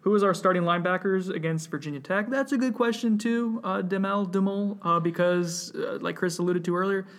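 Higher-voiced man hosting a sports podcast. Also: a little fast, hardly any pauses, fairly bright tone. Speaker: podcast host reading listener questions. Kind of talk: casual sports podcast chat.

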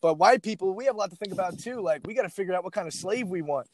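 High-voiced man telling crude stories. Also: very fast, no echo. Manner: crude, animated, teasing, swears a lot. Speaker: stand-up comedian. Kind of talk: casual chat, telling stories.

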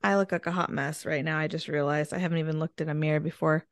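A woman's voice: low-pitched, fairly even intonation, fast, dry recording, studio quality. A young woman co-hosting a casual podcast with her mother, playful and teasing, laughing often. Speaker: podcast co-host. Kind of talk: casual chat.

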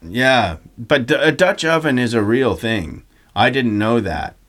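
A man's voice: medium pitch, expressive, unhurried, fairly bright tone. A man co-hosting a casual comedy chat, teasing his friend playfully and laughing easily. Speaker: podcast co-host.

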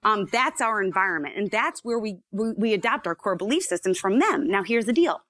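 A woman psychologist explaining ideas in a lively, chatty way, acting out the inner voices in her stories. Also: mid-range voice, a little fast, dry recording, clean studio sound. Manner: animated storyteller, acts out inner voices. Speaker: psychologist guest. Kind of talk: casual explanatory chat.

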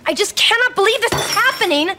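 A woman's voice: very high voice, lively intonation, fast, noisy background. An actress playing an upset young woman venting about her boyfriend in a TV series, exasperated and self-reproaching. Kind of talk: TV series acting.

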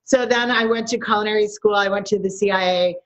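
A middle-aged woman chef in an interview, talking in an animated, storytelling way and laughing often. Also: medium pitch, quick pace. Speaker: chef guest. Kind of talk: interview conversation. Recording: slightly dull lo-fi audio.

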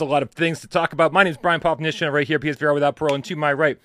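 A man hosts a live gaming podcast at a quick clip, rambling and joking through quick banter. The recording is dry and close, with no room sound. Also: on the high side, steady tone, fairly bright tone, dry recording. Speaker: podcast host.

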